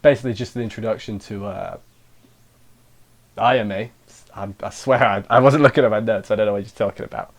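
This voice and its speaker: A man's voice: lowish voice, a little fast, long pauses. A man giving a casual spoken anime review, rambling along and interrupting himself with jokey side remarks.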